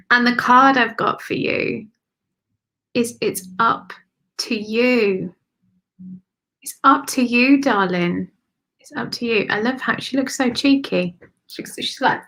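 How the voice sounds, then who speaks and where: A woman's voice: a little high, slow pace, long pauses, fairly bright tone. Effusive woman doing a spiritual reading. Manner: affectionate, calls listeners honey and darling; chatty and effusive, thinking aloud. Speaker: spiritual card reader and host. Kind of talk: live-streamed intuitive card reading.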